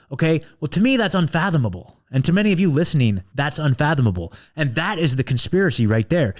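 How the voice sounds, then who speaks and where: A man hosting a podcast, delivering a fired-up, profane monologue full of restarts and fillers, like an evening pep talk. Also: fairly high pitch. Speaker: podcast host.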